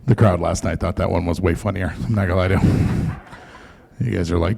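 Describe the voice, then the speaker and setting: A man's voice: low voice, steady tone, a little fast, gravelly, dark tone. A man doing a stand-up comedy set in a comedy club, talking in a loose, profane, conversational way. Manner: profane, conversational, mocking quoted voices.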